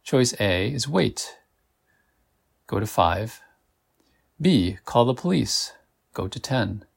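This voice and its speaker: A man hosting a podcast, reading an interactive adventure story aloud in a measured way and slowing down when he speaks to the listener. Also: mid-range voice, sing-song, creaky, husky. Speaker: podcast host.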